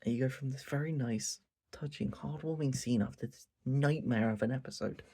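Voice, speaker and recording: A man's voice: mid-range voice, normal speed. A man ranting casually and profanely about a show late at night. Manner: animated, profane, repetitive ranting. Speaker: anime reviewer.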